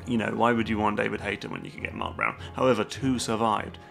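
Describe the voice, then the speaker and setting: Male game streamer, very gravelly, lowish pitch, reads game text aloud with wry asides, game music underneath. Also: wildly swooping pitch, quick pace, a bit bright. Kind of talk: live stream game commentary.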